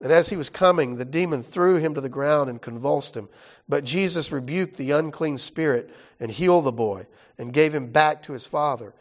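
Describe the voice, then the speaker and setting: A man's voice: a little high, moderate pace. A man teaching a Bible study class in a casual, explanatory way, often checking in with his listeners.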